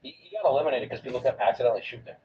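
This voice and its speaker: A man commenting casually on a video during his stream, swinging between loud outbursts and low asides. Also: rapid-fire, crowd noise. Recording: dull lo-fi stream audio with steady background noise.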